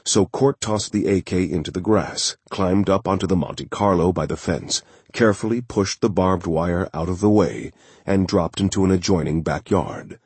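A man narrating a thriller audiobook in a steady, measured way. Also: low voice, breathy edge, dry recording.

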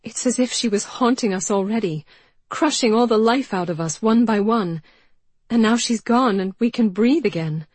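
A woman's voice: medium pitch, moderate pace, a little mellow, husky, dry recording, pitched above the performer's own voice, natural voice. A woman reading an audiobook, voicing a distraught young woman whose voice rises and cracks with emotion. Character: young woman, grieving, raw and agitated. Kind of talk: audiobook character voice.

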